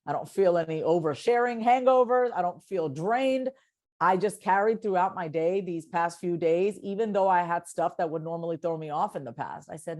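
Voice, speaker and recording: Her voice is fairly low and moves at a normal speed as she joins a podcast for an easygoing, spirited conversation. Animated throughout, she repeats words when excited to build her point and gives herself pep talks out loud.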